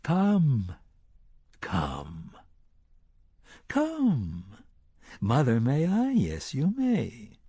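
A man voicing a mocking, sinister male sorcerer in an audiobook, with theatrical, drawn-out taunts. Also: medium pitch, wildly swooping pitch, warm tone, breathy edge, no echo, pitched above the performer's own voice, heavily acted. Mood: taunting. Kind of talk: audiobook character voice.

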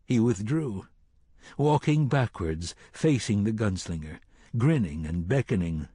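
Slow husky male audiobook narrator. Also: fairly low pitch, lively intonation, dark tone, dry recording, clean studio sound. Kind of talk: scripted narration.

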